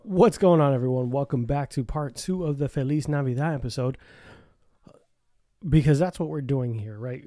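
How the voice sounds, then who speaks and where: A man's voice: a little high, normal speed, warm tone. Laughing, boisterous male podcast host. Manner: boisterous, laughing often, swearing freely. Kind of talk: casual chat.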